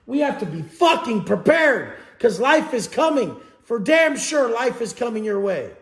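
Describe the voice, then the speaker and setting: A man's voice: very high voice, very animated, unhurried, echoey room. A man giving a blunt, profane motivational talk as a coach, preaching to his audience.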